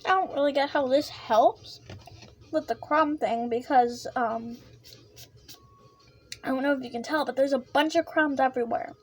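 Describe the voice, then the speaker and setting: A woman vlogging a casual snack taste-test, excitable and giggly, chatting while she eats with her mouth full. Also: high voice, moderate pace, long pauses, faint music behind.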